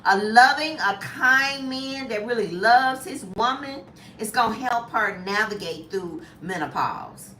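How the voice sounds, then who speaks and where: A woman in her fifties chatting casually as a lifestyle vlogger, animated and jumping to high squeals when acting out reactions. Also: a little slow, roomy sound, distant mic, slight background noise. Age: 50s. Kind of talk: casual chat.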